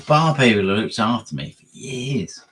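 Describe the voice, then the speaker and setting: A man's voice: mid-range voice, animated, moderate pace, a bit bright. A man chatting loosely over drinks in a bar, joking and swearing freely. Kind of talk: casual chat over drinks.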